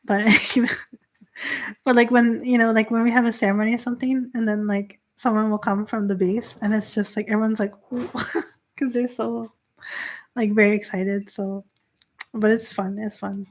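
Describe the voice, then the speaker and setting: A young woman with a fairly high voice hosts a casual live stream as a Shinto priestess. She laughs often and rambles through filler words while reading out viewer comments. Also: flat delivery, moderate pace. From Canada. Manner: giggly, filler-heavy, reads viewer comments aloud.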